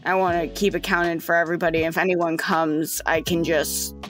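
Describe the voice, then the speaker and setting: A woman's voice: on the low side, flat delivery, normal speed, faint music behind, lightly acted. A woman voicing Zach, an irritable, impatient young team leader who snaps and swears. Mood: weary. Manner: exasperated, curt, swearing.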